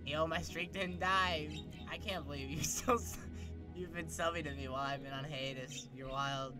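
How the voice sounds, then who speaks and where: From home, a man streams live into a desk mic and chats loosely with his viewers, swearing often as his thoughts scatter. His slightly high voice has fairly even intonation and a moderate pace, with music playing underneath.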